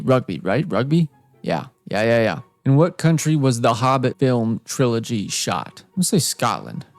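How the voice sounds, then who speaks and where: A young man commentates his way through a trivia game, reading each question aloud and then reacting with exasperated, self-mocking outbursts. His voice sits at an ordinary male pitch and is recorded close and dry, with no room around it. Faint music plays underneath. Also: a little mellow, dry recording. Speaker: gaming YouTuber. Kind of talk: casual gameplay commentary.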